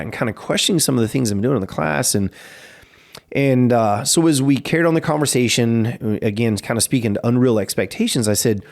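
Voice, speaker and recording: Gravelly-voiced man telling a story. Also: fairly quick, a little mellow. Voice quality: gravelly, creaky low voice. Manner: casual and conversational, many fillers like "you know". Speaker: martial arts school owner. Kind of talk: storytelling in a podcast interview.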